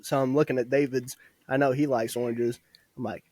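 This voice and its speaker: A man's voice: medium pitch, little pitch movement, fairly quick, a little mellow, no echo. Young man telling army stories, laughing. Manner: laughs often, swears freely. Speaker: podcast guest, former soldier. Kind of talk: casual storytelling.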